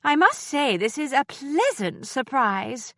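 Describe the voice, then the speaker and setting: A woman voicing a prim, proper young governess who speaks precisely and firmly, in a lively, fairly high voice. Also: slow pace, no room sound, studio quality, exaggerated voice.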